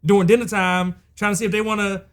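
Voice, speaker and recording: A man's voice: high voice, little pitch movement, quick pace, clean tone. A man hosting a podcast in casual chat, easygoing and jokey, who reflects on his own past jobs. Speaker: podcast host.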